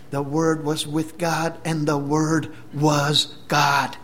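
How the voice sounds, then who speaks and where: A man preaching a sermon, retelling scripture dramatically, dropping to a whisper and then booming out. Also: fairly even intonation, a little slow, few pauses.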